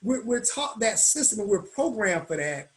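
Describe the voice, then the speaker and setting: A man speaking as a guest at a business meetup, telling stories in a lively, colloquial way and acting out the voices of the people in them. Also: sits high, normal speed, poor audio. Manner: animated, colloquial, acts out quoted voices. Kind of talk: storytelling in a business meetup talk.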